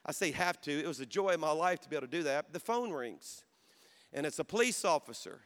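A man's voice: a little high, lively intonation, fairly quick, fairly bright tone. A middle-aged male pastor preaching a sermon, telling a personal story and building to emphatic exhortation that calls out to the congregation. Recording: long reverb of a large hall.

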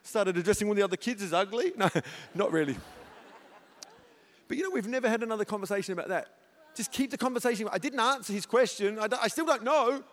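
High-voiced middle-aged aussie pastor preaching, jokey animated storyteller, gets loud on the punchlines. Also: male voice, quick pace. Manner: animated storyteller, jokes, loud comic peaks. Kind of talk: sermon.

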